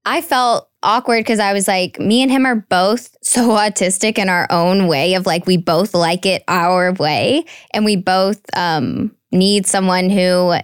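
A woman's voice: medium pitch, a little slow, few pauses, clear, resonant tone, dry recording. Bubbly young woman podcast host, dry close sound. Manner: bubbly, playful, laughs often. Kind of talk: casual chat.

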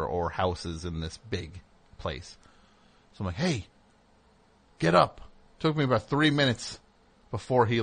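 A middle-aged man hosting a show, telling a casual story and acting out the people in it with sudden loud outbursts. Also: fairly low pitch. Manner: animated, acts out voices with loud outbursts. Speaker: host.

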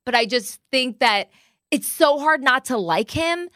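A young woman hosting a casual chat, her voice sitting a little high. She talks with lots of energy and jumps way up in pitch when she acts out what people said. The sound is close and dry. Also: unhurried, no room sound. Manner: animated, acts out quotes with big jumps in pitch. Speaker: podcast host.

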